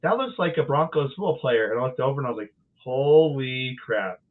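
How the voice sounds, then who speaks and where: A man's voice: mid-range voice, big pitch swings, rapid-fire. A man hosting a podcast, asking friendly, rambling questions in casual chat. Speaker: podcast host. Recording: tinny phone-like line.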